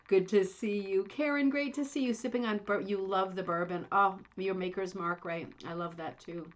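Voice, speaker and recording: A woman's voice: mid-range voice, fairly even intonation, normal speed. A middle-aged woman hosting a casual livestream chat from home, chatty, rambling and self-deprecating. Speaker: livestream host. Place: home, Indiana.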